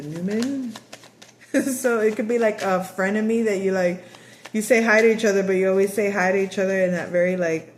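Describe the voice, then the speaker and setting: A woman's voice: medium pitch, a little hiss or hum. A woman giving a casual tarot reading, chatty and rambling, laughing often and acting out quoted voices. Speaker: tarot reader.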